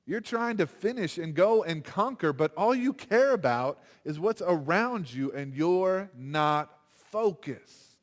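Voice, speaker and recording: Man, chapel speaker, casual animated sermon delivery, slightly high voice, long hall reverb. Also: a little slow, hardly any pauses. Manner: animated, conversational preaching with acted-out quotes. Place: university chapel.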